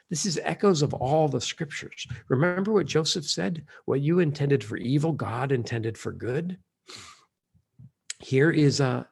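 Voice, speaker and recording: Gravelly guy reading a story out loud and preaching on it, husky, goes whispery sometimes. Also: fairly high pitch. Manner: reads quotes aloud, drops to an unvoiced whisper at times. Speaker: preacher teaching on a novel. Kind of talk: reflective reading and commentary.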